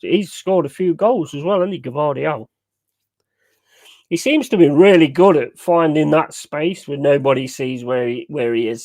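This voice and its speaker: A man chatting casually and excitedly over a live match, swearing freely and rambling through stories. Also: mid-range voice. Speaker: watch-along streamer.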